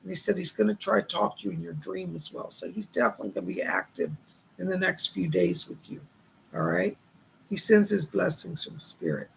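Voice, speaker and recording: A man doing live psychic readings on a stream, calmly reassuring viewers and passing on messages. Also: high voice, fairly quick, vocal fry, a little hiss or hum. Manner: reassuring, relays spirit messages, reads viewer questions aloud.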